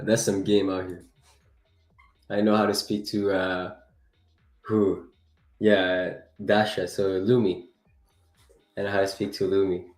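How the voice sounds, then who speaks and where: A man with a fairly low voice, a native French speaker, hosts a live trading stream. He talks in a loose, playful way with his viewers. The sound is roomy, with faint music underneath. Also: a little mellow. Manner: chatty, playful, reacts to chat with laughs.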